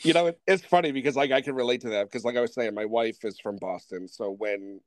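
A middle-aged man with a Northern US accent, hosting a casual interview in a relaxed, rambling way with many fillers. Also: mid-range voice, fast, dry recording. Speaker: podcast host.

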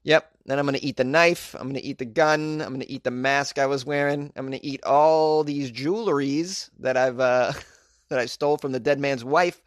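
A man's voice: mid-range voice, steady tone, normal speed, no echo, studio quality, lightly acted. A man voicing a smug petty crook who rambles through boastful plans.

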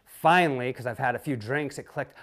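A man's voice: medium pitch, brisk. A man, a former neighbor being interviewed, animatedly retelling a story and acting out the dialogue. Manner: animated, acts out quoted dialogue. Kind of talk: emotional storytelling.

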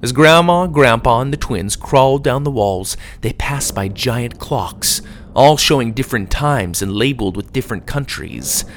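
A man reads a children's story with a lively, swinging pitch, leaning into the action. His voice sits in a middle register, with a faint hiss in the background. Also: normal speed. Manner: expressive read-aloud with lively pitch. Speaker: narrator. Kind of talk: storybook narration.

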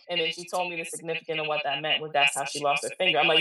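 A woman's voice: fairly low pitch, racing, few pauses, bright, forceful tone, far from the mic. Candid slangy woman, off-mic in echoey room. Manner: candid, swears freely, slangy. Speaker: spiritual reader. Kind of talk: casual storytelling chat.

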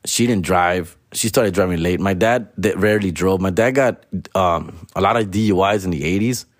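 A man's voice: low voice, normal speed, no room sound, clean studio sound. A young man telling a profane, casual story, mixing Spanish and slang.

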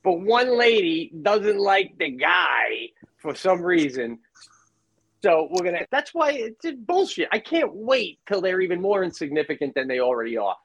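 A male comedian talking as a podcast guest, quick to break into heated rants. His voice sits somewhat high and swings through a wide, lively range. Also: creaky, no room sound, highs cut off. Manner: fast, ranting, worked up. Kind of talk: casual chat.

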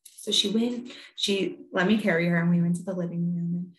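A woman's voice: lowish voice, fairly even intonation, normal speed. Woman in her thirties, candid storytelling talk, casual fillers, echoey room. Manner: candid, conversational, with frequent "like" and restarts. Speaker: speaker giving a talk on parenting.

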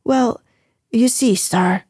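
A woman's voice: fairly high pitch, slow pace, darkish tone, slightly rough, dry recording, clean studio sound. A woman doing a flustered old-fashioned housekeeper. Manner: fussy, hesitant. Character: flustered middle-aged housekeeper, deferential.

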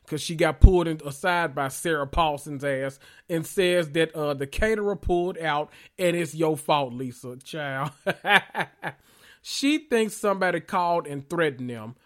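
A man's voice: on the high side, normal speed. A man hosting a casual reality TV recap vlog, sassy and gossipy, laughing often as he rambles.

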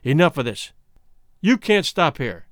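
A jealous, hot-headed man who blusters and sneers, played by a man reading a story aloud. His voice sits a little high and swings widely in pitch. It is recorded close and dry, like a storybook recording. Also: very animated, a little slow, no room sound. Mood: angry threatening. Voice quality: forceful, blustering. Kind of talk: audiobook character voice.

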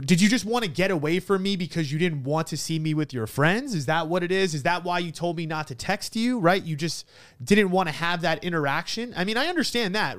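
A young man hosting a podcast, telling a personal story in a casual, animated way with lots of filler words. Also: on the high side, no room sound, studio quality. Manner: animated, frequent "like" fillers, laughs while venting. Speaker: podcast host.

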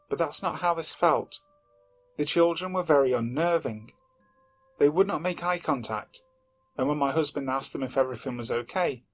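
A man with a somewhat high voice narrates a scripted horror story in a steady, measured reading. He slows down as the tension builds. Faint music plays under his voice. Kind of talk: scripted narration of a first-person submitted story. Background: faint background music.

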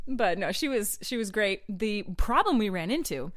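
A woman's voice: mid-range voice, moderate pace. A woman co-hosting a podcast, telling a travel story in casual chat, laughing often and acting out the people in it. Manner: animated, laughing, acts out other people's voices. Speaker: podcast co-host.

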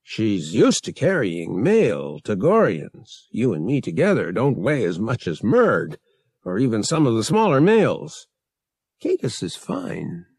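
A man voicing a cocky, easygoing young male pilot in an audiobook, speaking in a smug, low voice. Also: a little slow, creaky, slightly rough, no echo, clean studio sound, heavily acted. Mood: reassuring. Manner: smug, relaxed, low delivery.

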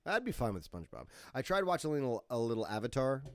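A man's voice: mid-range voice, sing-song, fast talker. A man co-hosting a casual podcast chat, joking around and acting out scenes in silly voices. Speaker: podcast co-host.

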